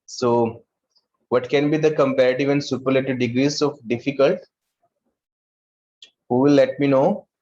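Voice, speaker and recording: A male school teacher with an Indian English accent who talks slowly, repeats words and calls on students by name. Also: mid-range voice, darkish tone, highs cut off, slight background noise. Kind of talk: online class lesson.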